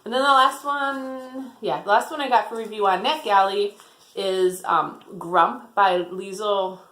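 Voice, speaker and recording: A woman's voice: mid-range voice, a little slow, a bit bright, echoey room. A woman chatting casually about her book haul, rambling, with lots of "like" and "um". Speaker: book vlogger.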